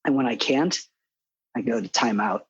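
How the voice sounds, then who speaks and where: A middle-aged man speaking calmly and earnestly as a podcast guest, sometimes acting out soothing self-talk. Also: mid-range voice, moderate pace, slightly rough, no echo, muffled recording. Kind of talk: interview conversation.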